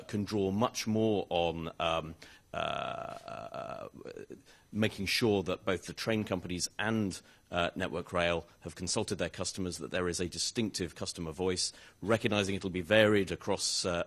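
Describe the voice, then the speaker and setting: Halting low-voiced man. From United Kingdom. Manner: halting, with frequent restarts and hedges. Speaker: rail regulator chief executive on a panel. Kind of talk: conference Q&A answer. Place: conference hall.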